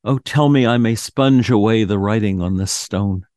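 A man's voice: on the low side, moderate pace, a little mellow, dry recording, close to an everyday voice. A man voicing a terrified old miser who pleads with a ghost in a quavering, raised voice, in a dry audio drama reading. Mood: desperate.

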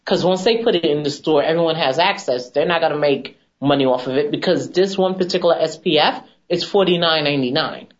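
A woman esthetician talking in an animated, emphatic, chatty way as a guest on a TV segment, on a dull lo-fi recording. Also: sits low, a little fast, few pauses. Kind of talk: casual TV chat.

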